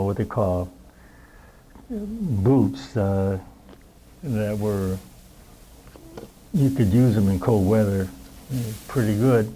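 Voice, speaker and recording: A man's voice: on the low side, mellow, slight background noise, poor audio. A man in his nineties, a veteran telling war memories at a roundtable, rambling along and acting out the scenes, sometimes searching for words. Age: 90s. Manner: rambling storyteller who acts out the scenes. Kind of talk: spoken war reminiscence at a roundtable.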